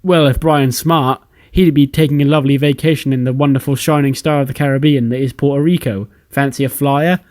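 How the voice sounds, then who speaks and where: A man's voice: medium pitch, fairly even intonation, brisk, few pauses, a little mellow, lightly acted. A man doing cheery pushy timeshare salesmen. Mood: salesy.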